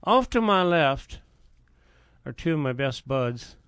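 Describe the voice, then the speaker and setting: Folksy male co-host, slightly high voice, dry close studio sound. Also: big pitch swings, slow, fairly bright tone, clean tone, no room sound. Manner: hearty, folksy cowboy banter. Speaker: radio co-host. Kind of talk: casual radio talk.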